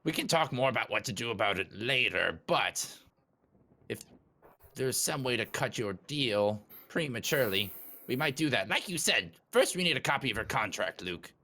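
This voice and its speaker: A man's voice: medium pitch, normal speed. A man playing a tabletop role-playing game, chatting with friends and slipping into his character's lines. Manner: lively, speaks in character and narrates own actions. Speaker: player. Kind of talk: tabletop role-play chat.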